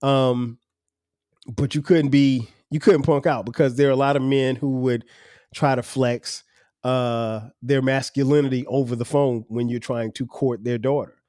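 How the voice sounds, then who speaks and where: A man in his forties hosting a podcast, telling relaxed stories with slang, frequent laughs and "um" pauses. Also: mid-range voice, dry recording, clean studio sound. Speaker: podcast host. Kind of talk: casual storytelling monologue.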